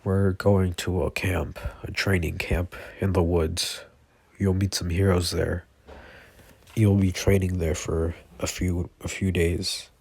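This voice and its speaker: Brief: blunt strict male teacher, read by a man, low flat gravelly voice. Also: slow pace, dry recording, exaggerated voice. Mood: stern.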